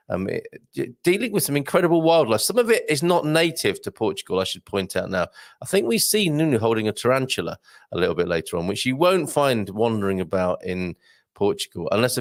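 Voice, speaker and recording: A man's voice: on the low side, gravelly, no echo, clean studio sound. Jokey man hosting a live morning show. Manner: jokey and playful, laughs often, puns and put-on voices. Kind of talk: casual live-show chat reading out viewer comments.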